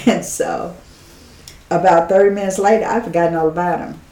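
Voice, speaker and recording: A woman, a guest on an interview show, giving a heartfelt personal testimony as an animated storyteller who laughs often and drops to a hush when quoting others. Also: on the low side, normal speed, echoey room.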